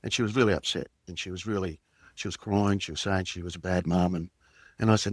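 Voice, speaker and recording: A middle-aged Australian man, a podcast guest and former police detective, telling a personal story in a halting, reflective way with many fillers and restarts. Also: sits low, steady tone, slightly rough, no room sound.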